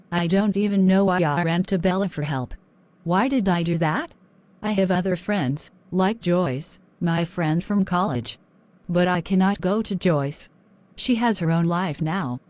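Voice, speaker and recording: A woman playing a shy, troubled young student in a cartoon story, in a fairly low, subdued and hesitant voice. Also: a little mellow, lightly acted. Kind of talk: animated story voice acting.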